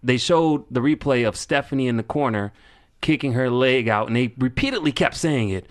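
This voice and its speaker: Excitable man talking wrestling. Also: medium pitch, normal speed. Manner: excitable, repeats words when starting. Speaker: podcast co-host. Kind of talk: casual wrestling chat.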